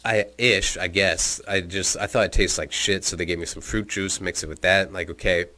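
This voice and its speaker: A man's voice: deep voice, fairly even intonation, normal speed, pushed and bright. A man telling a personal story in a rambling, profane, casual way into his own microphone, with chuckles and filler words. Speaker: podcast storyteller.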